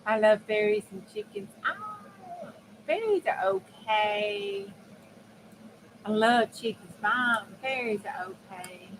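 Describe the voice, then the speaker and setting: A woman chatting casually on a crafting livestream, folksy and prone to excited laughter. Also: mid-range voice, slow, a little hiss or hum, poor audio. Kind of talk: casual live-stream chat while crafting.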